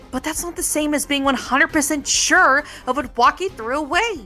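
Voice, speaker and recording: A woman reading an earnest young male defense attorney's lines in a bright, dramatic way. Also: high-pitched, pitched above the performer's own voice.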